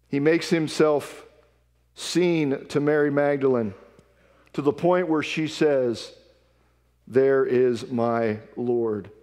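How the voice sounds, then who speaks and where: A man's voice: a little high, darkish tone, big-room sound. A man preaching a sermon with earnest emphasis, reading scripture aloud. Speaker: pastor. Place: church sanctuary.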